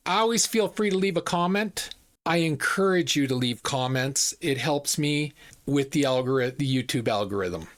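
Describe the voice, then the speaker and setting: A man's voice: on the high side, a bit bright. A middle-aged man from Alberta, telling a personal story in a casual, indignant and profane way. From Alberta, Canada. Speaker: channel host.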